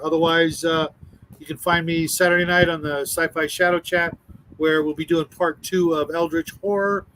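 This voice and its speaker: A man's voice: fairly high pitch, fairly bright tone, a little hiss or hum, poor audio. A man in a casual live-stream chat, plugging his upcoming videos with many hesitant fillers. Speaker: streamer promoting his channel.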